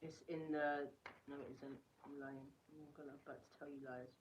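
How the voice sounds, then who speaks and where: A woman's voice: sits low, level tone, moderate pace, slight background noise, poor audio. A woman giving a casual collective tarot and crystal reading, reading card text aloud and breaking off into chatty asides. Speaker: tarot reader.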